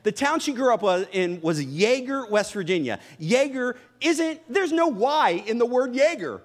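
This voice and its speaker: A man's voice: very high-pitched, measured pace. A middle-aged man preaching a sermon in church, joking with the congregation and telling funny family stories. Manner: animated, jokes with the congregation. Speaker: pastor. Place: church before a live audience.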